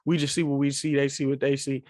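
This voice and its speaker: A man's voice: medium pitch, little pitch movement, fast, darkish tone, dry recording, clean studio sound. A man co-hosting a podcast in casual chat, talking earnestly and repeating key phrases for emphasis. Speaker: podcast co-host.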